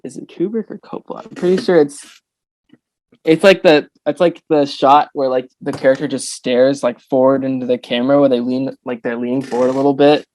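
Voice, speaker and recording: A man's voice: medium pitch, fairly even intonation, a little fast, a little mellow, no room sound. A man guest on a podcast in casual chat, giggling through his own stories and full of "like" fillers. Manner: loose talk full of "like" fillers.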